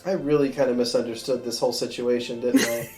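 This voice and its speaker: Woman voicing an earnest, stammering young adventurer, very low and dark-toned. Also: fairly even intonation, quick pace, slightly rough, faint music behind. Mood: flustered. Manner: hesitant, stammering.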